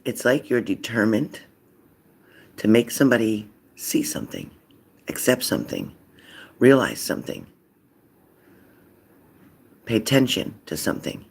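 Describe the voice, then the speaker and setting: A man giving a casual card reading, acting out loud quotes and dropping into whispers. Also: mid-range voice, gravelly, breathy edge. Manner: animated, acts out loud and whispered voices. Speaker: psychic card reader.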